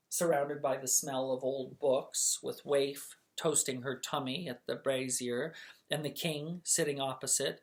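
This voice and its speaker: A storyteller reading a chapter book aloud in a measured, expressive bedtime style. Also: medium pitch.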